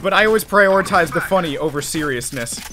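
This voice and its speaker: A man's voice: fairly high pitch, animated, fast, faint music behind. A man streaming a shooter game with friends, joking, teasing and laughing in casual chat. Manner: playful, teasing, bursts into loud laughter.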